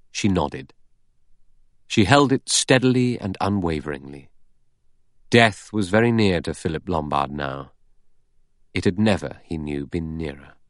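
A man narrating an audiobook in a measured, dramatic reading style. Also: low voice, dry recording, clean studio sound. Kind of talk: scripted narration.

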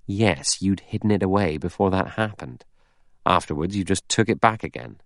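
A man's voice: low-pitched, normal speed, no room sound, clean studio sound. A man voicing a stolid, suspicious ex-policeman in an audiobook, blunt and plodding.

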